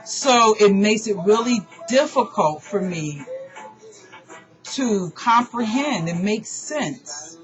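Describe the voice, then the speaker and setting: A woman pours out her frustration in a raw, profane personal monologue, talking at a middling pitch. Her voice comes through a dull, lo-fi recording with faint music underneath. She sounds like an online radio host airing grievances to her listeners. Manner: emotional, profane, exasperated.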